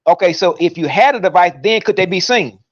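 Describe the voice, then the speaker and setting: A man's voice: high voice, fairly quick, highs cut off. A man hosting a casual debate, teasing and interrupting, repeating his demands.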